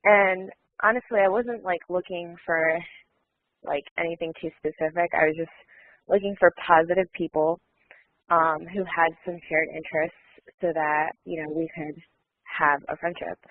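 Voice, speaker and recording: A woman in casual chat on a call, relaxed and saying "like" a lot. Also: fairly low pitch, normal speed. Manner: relaxed, filler-heavy, says "like" often. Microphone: call audio. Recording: thin phone-like dry call audio.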